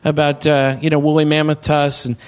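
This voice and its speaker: Male podcast host, comedian, slightly high-pitched, rambles and stalls with fillers. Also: monotone, a crowd in the background. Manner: rambling, halting storyteller with many uhs.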